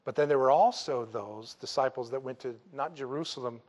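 A man preaching a sermon, telling the story in a humorous, animated way and acting out the dialogue casually. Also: medium pitch, a little fast. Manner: acts out dialogue in a casual, jokey way. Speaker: pastor.

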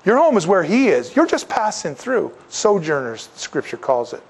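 A man delivers a sermon in a relaxed, conversational way, his voice a little higher than most men's. He slips into the voices of the figures he quotes, rising and falling as he goes. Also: normal speed, creaky, breathy edge. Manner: conversational preaching, acts out quoted voices, wide swings in pitch and loudness. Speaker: pastor.

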